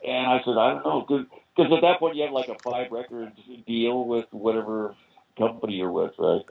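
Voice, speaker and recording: A man's voice: medium pitch, brisk, vocal fry, a little hiss or hum. An older American man telling long, rambling anecdotes as a guest in a podcast interview, with lots of "you know"s. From United States. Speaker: guest musician. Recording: tinny phone-line sound.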